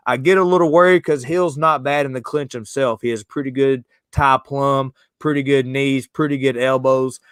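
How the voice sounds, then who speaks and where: A man's voice: mid-range voice, a bit bright, dry recording, studio quality. A man hosting a casual live-streamed sports podcast, loose and slangy, joking with his co-host.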